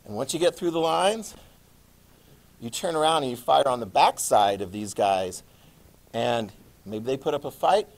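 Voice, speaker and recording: A male history teacher lecturing a classroom in a playful, animated way, adding sound effects. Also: medium pitch, moderate pace, long pauses.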